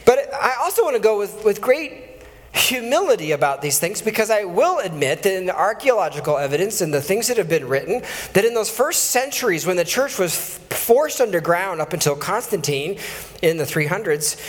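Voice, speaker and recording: A man's voice: high-pitched, sing-song, normal speed, long reverb tail. A male pastor giving a conversational sermon and reading scripture aloud, often correcting himself and adding chuckling asides.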